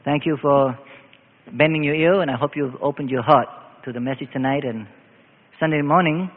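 An older man preaching a sermon as pastor, swinging from low, quiet asides up to loud, emphatic declarations. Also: moderate pace. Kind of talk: evening sermon. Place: church hall. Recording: echoey hall, thin phone-like sound.

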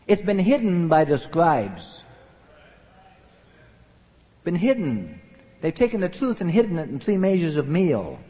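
A man preaching a sermon with passion, swinging between loud emphatic lines and hushed, muttered asides. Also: high voice. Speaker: pastor. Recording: dull old recording in a reverberant hall.

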